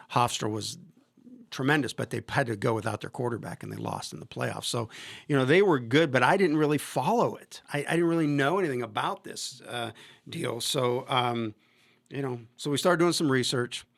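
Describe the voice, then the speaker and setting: A football coach in his fifties rambles through long stories on his podcast, with lots of fillers and false starts, in a relaxed storytelling interview. The medium-pitched voice is creaky, with no echo.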